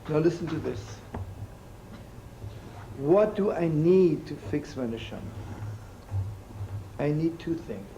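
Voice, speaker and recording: Older male rabbi, gravelly, lively storyteller, slips in Yiddish and Hebrew words. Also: on the high side, slow, long pauses, slight background noise, rough recording. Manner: animated, chatty, sprinkled with Yiddish and Hebrew terms. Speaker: rabbi teaching. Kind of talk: storytelling sermon with jokes.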